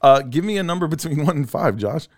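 A middle-aged man hosts a loose, joking podcast, laughing often between his lines. His voice moves through a wide, lively range of pitch. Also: fast. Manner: joking, laughs often, reads out sponsors and call-in numbers. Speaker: podcast host. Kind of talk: casual podcast banter.

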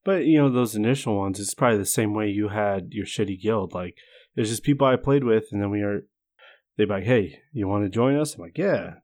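A man's voice: on the low side, brisk, a little mellow. A man chatting casually on a podcast, adding wry, joking asides. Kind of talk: casual chat.

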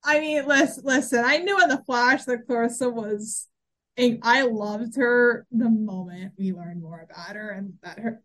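A woman's voice: fairly high pitch, fairly even intonation, a little slow, pushed and bright. A woman co-hosting a podcast in casual chat, rambling and getting emotional as she talks. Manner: rambling, gets emotional and laughs. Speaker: podcast co-host.

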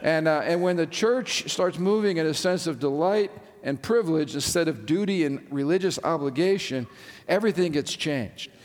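A man's voice: fairly high pitch, normal speed. A male pastor preaching a sermon with enthusiasm, using frequent "uh" fillers and asking the congregation questions. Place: large church sanctuary. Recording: long church-hall reverb.

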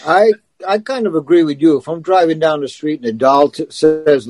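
A man's voice: a little high, fairly quick, darkish tone, breathy edge, rough recording. A man co-hosting a podcast, talking in an earnest, matter-of-fact way. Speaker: podcast co-host. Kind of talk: casual chat.

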